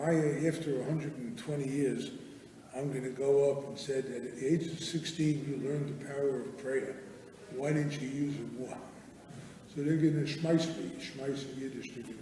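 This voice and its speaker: Older rabbi telling a story in an echoey hall. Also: male voice, fairly high pitch, distant mic, slight background noise. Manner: animated storytelling, acts out family dialogue. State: hard of hearing. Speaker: guest rabbi speaker. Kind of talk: live Torah class storytelling. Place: large hall with live audience.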